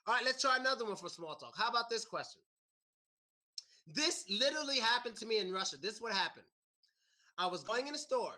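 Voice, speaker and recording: An American man teaching a class, animated and repeating his questions to the students. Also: sits high. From United States. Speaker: English teacher. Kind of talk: classroom lesson.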